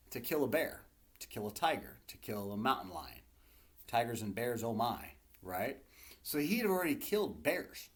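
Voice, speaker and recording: A man preaching a sermon as a pastor, retelling stories in an animated, conversational way with asides to his listeners. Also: mid-range voice. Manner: animated storytelling with asides to the congregation.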